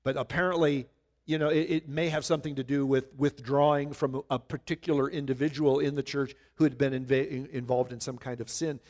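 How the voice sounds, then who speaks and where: A man preaching a sermon, reading scripture slowly and loudly, then explaining it in a conversational way. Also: mid-range voice, little pitch movement. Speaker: pastor.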